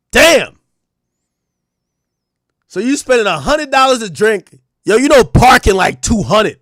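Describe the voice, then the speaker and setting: A young man, live-streaming a casual, profane, animated rant to his chat and breaking into loud outbursts. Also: high voice, normal speed, long pauses, no room sound, clean studio sound.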